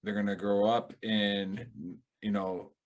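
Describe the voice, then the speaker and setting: A man with a Wisconsin accent hosting a casual chat show, rambling and animated with lots of fillers. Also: fairly low pitch, slow. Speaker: podcast host.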